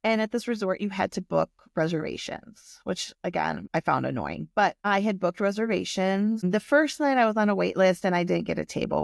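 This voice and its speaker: A woman's voice: mid-range voice, creaky, dry recording, studio quality. A woman in her forties telling a personal story in a candid, emotional way and swearing freely. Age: 40s. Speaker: vlogger.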